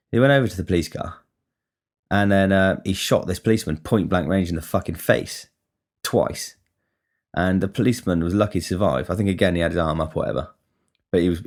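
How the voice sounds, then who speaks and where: A man with a very low voice tells a story on his podcast. He rambles casually, swears constantly and gets worked up as he goes. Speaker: podcast host.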